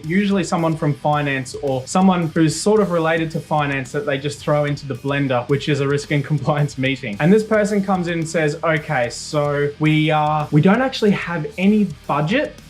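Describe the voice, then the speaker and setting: A man, ranting in a profane, animated storytelling style on a video channel. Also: a little high. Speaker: cybersecurity YouTuber. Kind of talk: ranting vlog monologue.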